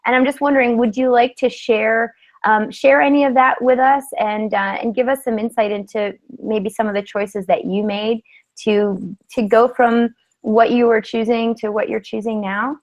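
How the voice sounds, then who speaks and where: A woman's voice: fairly high pitch, fairly even intonation. Thoughtful woman host asking questions. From New York. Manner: thoughtful, halting, searching for words. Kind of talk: interview questions.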